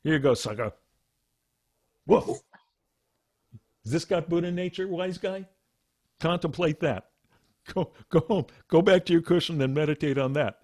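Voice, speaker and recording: A man's voice: fairly high pitch, moderate pace, pauses often, a little mellow, voice pushed up, lightly acted. A man putting on a mocking old Zen master. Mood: taunting. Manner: taunting, wisecracking.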